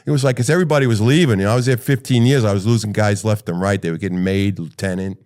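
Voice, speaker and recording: A middle-aged man, a retired firefighter, telling personal stories in an animated way and swearing freely. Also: fairly low pitch, racing. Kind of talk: personal storytelling.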